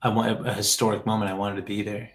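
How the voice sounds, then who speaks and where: A man's voice: fairly low pitch, flat delivery, fast, poor audio. A man hosting a casual chat show, talking in a rambling, heartfelt way that trails off and restarts often.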